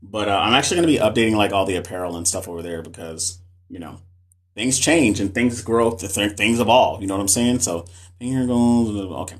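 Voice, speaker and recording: A man with a fairly low-pitched voice talks a little fast into a phone or webcam for a live stream. He's a nurse educator chatting casually with viewers, loose and slangy, often repeating phrases and speaking straight to chat.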